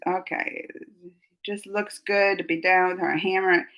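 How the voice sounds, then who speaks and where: A woman's voice: lowish voice, level tone, moderate pace, rough recording. A woman hosting a casual live chat with viewers, rambling and laughing as she answers their comments. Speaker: live-stream host.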